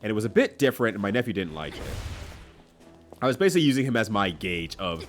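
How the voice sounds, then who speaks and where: Lively low-voiced male streamer, rambling. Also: fairly quick, soft background music. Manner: rambling, chatty, self-correcting. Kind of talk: casual live-stream chat while gaming.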